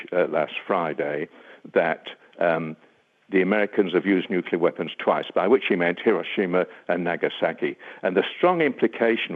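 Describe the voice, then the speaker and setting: An older man, a defence analyst, answering a radio interviewer gravely and deliberately, with many ums and uhs. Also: sits low. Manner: measured, grave, with frequent um and uh. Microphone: phone line. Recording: tinny phone line.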